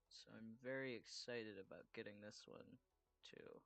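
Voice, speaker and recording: Rambling, bright-voiced man chatting while drawing. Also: on the low side, a little slow, creaky, no room sound. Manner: rambling, chatty, swears freely. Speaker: artist drawing commissions. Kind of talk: casual chat while drawing.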